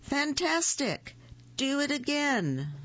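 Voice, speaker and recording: A reader voicing a bold, cheeky young princess girl who speaks loudly and exclaims, in a gravelly voice. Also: medium pitch, animated, takes it slowly, no room sound, muffled recording, heavily acted. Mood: eager. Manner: loud and exclaiming.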